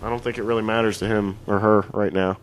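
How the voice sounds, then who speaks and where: A man's voice: on the low side, flat delivery, fast talker. A man co-hosting a casual podcast, rambling and crude, often correcting himself mid-sentence. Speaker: podcast co-host.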